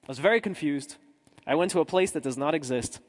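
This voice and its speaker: A man's voice: on the high side, quick pace, big-room sound. A man, a journalist, telling a humorous story to a live audience in a chatty, self-deprecating way with asides to the crowd.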